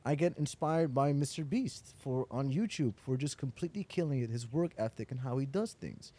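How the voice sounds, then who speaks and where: A man, chatting casually in an interview, telling animated stories and swearing freely. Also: medium pitch, normal speed. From Netherlands. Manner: animated storyteller, acts out quoted dialogue, swears casually. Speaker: interviewee, entrepreneur.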